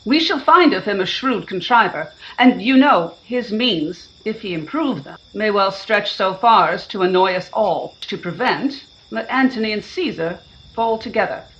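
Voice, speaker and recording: A woman's voice: medium pitch, lively intonation, moderate pace, fairly bright tone, close to an everyday voice. A woman playing a shrewd, scheming Roman conspirator in an audio drama, speaking in an urgent, persuasive way. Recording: dull lo-fi sound.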